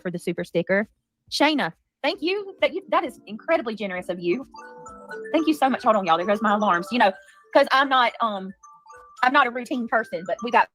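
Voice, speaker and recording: Indignant woman host with lively pitch. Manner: indignant, defensive, emphatic. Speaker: livestream host. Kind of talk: reactive commentary livestream.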